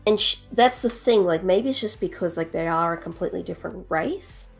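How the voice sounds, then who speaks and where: A woman's voice: on the low side, brisk, creaky, faint music behind. A woman chatting casually as a stream guest, thoughtful and drawing out her phrases. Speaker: co-host guest.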